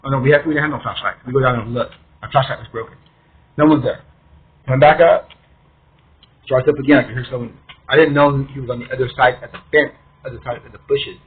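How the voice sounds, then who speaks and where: Man, casual storytelling, rambling and emphatic, husky, tinny phone-like sound. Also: mid-range voice. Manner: rambling, emphatic first-person retelling. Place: his studio apartment.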